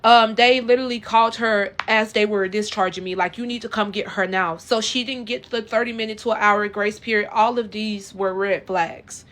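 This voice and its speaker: A woman telling her own story to her viewers in a casual, earnest way, rambling and halting with lots of fillers and restarts. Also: mid-range voice, fairly even intonation, fairly bright tone. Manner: earnest and emotional.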